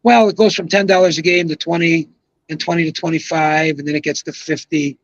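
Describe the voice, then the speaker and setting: A man's voice: on the high side, steady tone, a little fast, dry recording, lo-fi sound. A man in his seventies, a retired bowling pro, telling long rambling stories with emphatic asides in casual podcast conversation. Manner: rambling, emphatic anecdotal storyteller. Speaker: guest, retired pro bowler.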